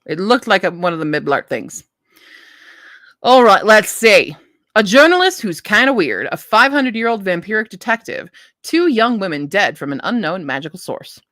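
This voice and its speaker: A woman's voice: mid-range voice, sing-song, moderate pace, fairly bright tone, no echo, clean studio sound. A woman hosting a live book stream, chatting casually and thinking aloud as she reads blurbs, often restarting her sentences. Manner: self-interrupting, frequent restarts.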